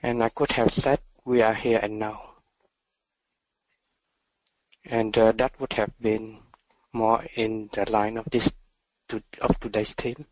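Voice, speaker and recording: Man, meditation teacher, dharma talk, soft-spoken, halting, very slow, dry close sound. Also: fairly low pitch, level tone, no room sound, muffled recording.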